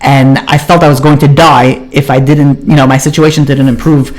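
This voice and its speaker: A man's voice: medium pitch, little pitch movement, moderate pace, lightly acted. A man voicing a young male hippie drifter who talks in a loose, drawling way, full of "like" and "you know", within a told story. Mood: desperate.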